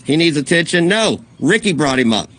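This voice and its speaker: A man ranting angrily on a livestream, swearing and swinging between raised outbursts and low muttering. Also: big pitch swings, moderate pace, a bit bright. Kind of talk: angry livestream rant.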